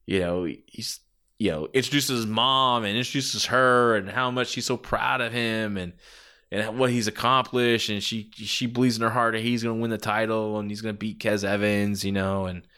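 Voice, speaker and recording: A man's voice: fairly low pitch, steady tone, normal speed, sharp tone, clean tone. A man talking through how he would have booked a wrestling storyline, rambling with many fillers and restarts. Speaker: wrestling commentator. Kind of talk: casual spoken analysis.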